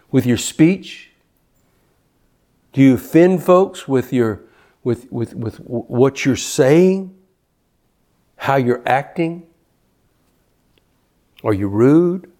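A man's voice: a little high, unhurried, long pauses, mellow. An older man preaching a sermon, fervent, often repeating words as he builds to a point. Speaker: pastor.

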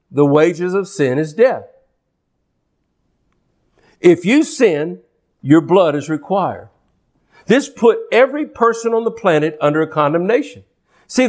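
High-voiced impassioned male preacher. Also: darkish tone. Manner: impassioned, repeats and restarts phrases, acts out quoted speech. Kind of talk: sermon.

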